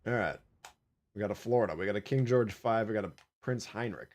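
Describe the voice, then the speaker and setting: A man's voice: lowish voice, a little fast, darkish tone. A man streaming live gameplay, chatting casually with viewers, swearing and laughing as he plays.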